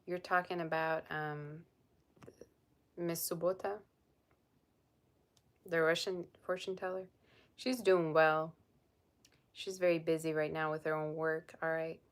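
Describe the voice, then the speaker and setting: A woman's voice: low-pitched, level tone, measured pace, long pauses. A woman tarot reader chatting on a live stream, blunt and sassy as she reads and answers viewer comments. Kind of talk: casual live-stream chat.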